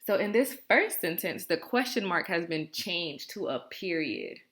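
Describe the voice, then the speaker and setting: A woman teaching first graders in a recorded video lesson, with slow, clear, encouraging talk and drawn-out repeat-after-me phrases. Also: on the low side, big pitch swings, a bit bright.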